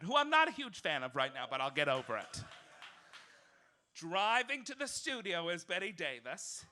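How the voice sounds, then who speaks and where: A man's voice: a little high, very animated, moderate pace, bright, forceful tone. A man hosting a stand-up comedy monologue in a cabaret club, campy and theatrical, breaking into shrieks. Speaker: comedy host. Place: small cabaret club with live audience.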